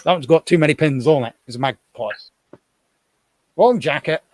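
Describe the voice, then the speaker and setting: A man's voice: on the high side, normal speed, darkish tone. A man chatting casually on a live stream, rambling and thinking aloud as he sorts through things at home.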